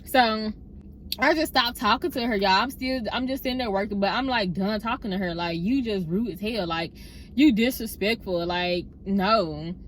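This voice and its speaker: A woman chatting in a car, telling a story straight to her viewers in a casual, expressive way. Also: medium pitch, normal speed, slight background noise. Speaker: storytime vlogger.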